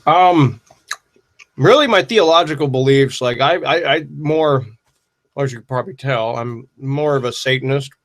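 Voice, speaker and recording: A man hosts a loose livestream Q&A, with a wry, rambling delivery full of swearing. His voice sits at an ordinary middle pitch. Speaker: livestream host answering viewer questions. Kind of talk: casual livestream chat.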